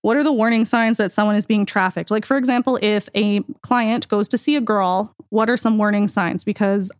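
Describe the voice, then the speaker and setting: A woman's voice: mid-range voice, fairly even intonation, brisk. A woman hosts a podcast interview in an easy conversational tone. She is given to dry, sarcastic asides. The recording is dry, with no room echo. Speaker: podcast host.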